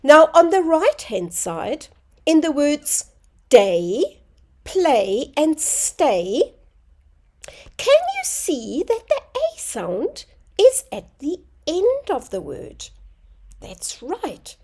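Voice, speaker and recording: A woman teaching a phonics lesson to young children, sounding out words slowly and clearly. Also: sits high, wildly swooping pitch, a little mellow.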